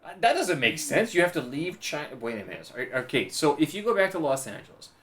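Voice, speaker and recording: Teasing Canadian podcast host. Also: male voice, on the high side, sing-song, fairly bright tone. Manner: teasing, profane, quick questions. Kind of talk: casual chat.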